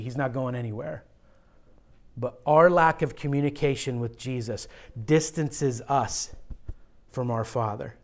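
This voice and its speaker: A young man preaching a sermon as pastor, earnest and direct, often dropping to a quiet hush to drive a point home. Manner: earnest, drops to a low hush for emphasis.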